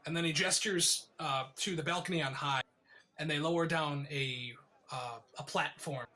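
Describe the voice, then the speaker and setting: Male game master, bright forceful voice, vivid descriptive narration with filler pauses. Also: fairly high pitch.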